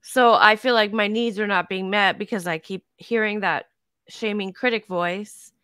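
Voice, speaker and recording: A woman's voice: mid-range voice, fairly even intonation, moderate pace, pushed and bright, clean tone, no room sound, studio quality. A woman speaking candidly and openly in a casual heart-to-heart chat, laughing easily. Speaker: show host.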